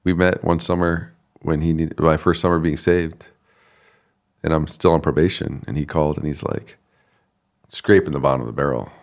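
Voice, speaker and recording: Deep gravelly-voiced male pastor storyteller. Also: moderate pace. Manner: relaxed, laughs often, acts out quoted people. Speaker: associate pastor, guest. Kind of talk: conversational storytelling.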